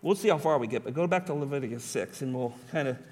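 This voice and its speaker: A man's voice: medium pitch, fast talker, a little mellow, long reverb tail. A pastor preaching a sermon in an earnest, pleading way, often laughing as he speaks.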